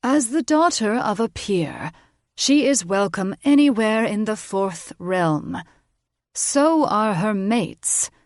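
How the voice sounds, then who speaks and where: A woman voicing an older witch grandmother who scolds with crisp authority. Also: mid-range voice, lively intonation, slow, dry recording, clean studio sound. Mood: stern.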